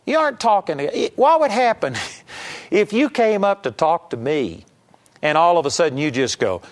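A man's voice: high-pitched, big pitch swings, moderate pace. A man with a Texan accent giving an earnest, folksy sermon as a Bible teacher. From Texas. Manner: folksy and earnest, acts out mock prayers. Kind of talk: conversational sermon.

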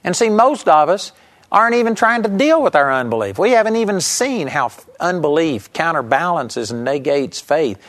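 A male preacher delivering a sermon in a slightly higher-than-usual voice. He tells stories with strong emphasis, surging loud at key moments and falling to a near hush for his main points. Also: very animated, normal speed. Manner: storytelling, emphatic, swings from loud to hushed.

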